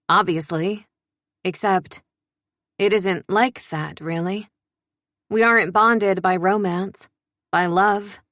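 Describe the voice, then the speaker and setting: A young woman reading a first-person story in a soft, measured, introspective way. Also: medium pitch, no room sound, studio quality. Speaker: narrator.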